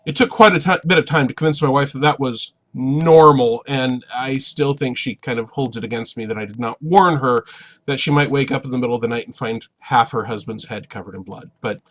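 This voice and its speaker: A man telling a comic story about his own life in an animated, wry way. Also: medium pitch, fairly quick. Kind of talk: comic personal anecdote.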